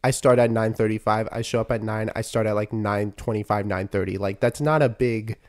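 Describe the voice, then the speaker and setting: A young man from New York co-hosting a podcast, ranting in a casual, animated way and laughing often. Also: on the low side, fairly quick. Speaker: podcast co-host. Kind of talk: casual chat.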